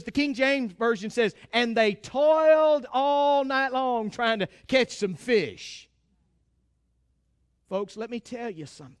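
A man's voice: extremely high pitch, fairly bright tone, no room sound, studio quality. A man preaching a sermon with fervent emphasis, calling out to his congregation for amens.

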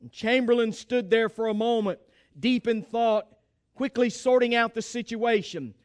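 Preacher guy telling a war story, really high smooth voice, gets the crowd to answer. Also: moderate pace. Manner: dramatic, calls for congregation response. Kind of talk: sermon storytelling.

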